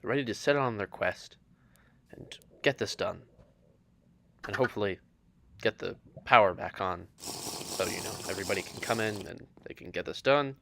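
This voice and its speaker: A man with a lowish voice tells a game adventure as its narrator, holding a flat, deliberate monotone. The recording carries a steady hiss of background noise. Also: creaky. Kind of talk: comic gameplay narration.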